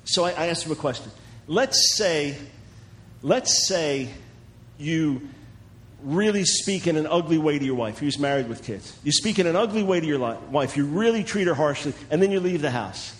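High-voiced, animated male preacher. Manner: animated, mimics voices in quotes, chuckles often. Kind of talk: sermon-style teaching talk.

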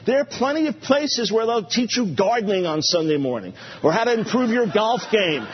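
Man, pastor, sermon, high voice, husky, dull lo-fi recording. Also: normal speed, hardly any pauses. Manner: animated, playful, repeats phrases for emphasis.

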